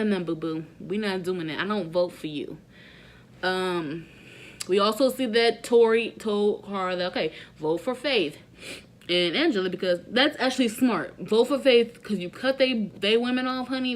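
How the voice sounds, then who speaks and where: A woman's voice: medium pitch, slight background noise. A young woman giving a casual, sassy and opinionated recap of a reality show, full of slang.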